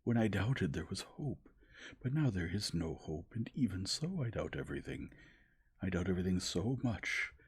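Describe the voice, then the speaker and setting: Man playing a cold, formal aristocrat in a whispered role-play; low, airy, clipped. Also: animated, normal speed, husky, full character voice. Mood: bitter. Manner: stiff, formal, bitter. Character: cold, wounded aristocratic husband.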